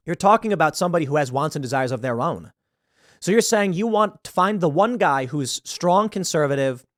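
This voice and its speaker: A man giving sarcastic, animated political commentary on a news story, with frequent asides. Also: fairly high pitch, no echo, clean studio sound.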